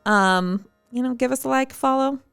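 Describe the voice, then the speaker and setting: A woman guesting on a podcast, playful and expressive as she talks about running her own show. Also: high-pitched, normal speed, vocal fry, clean tone, no echo, clean studio sound, faint music behind. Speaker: podcast guest, sex podcast co-host. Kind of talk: casual podcast chat.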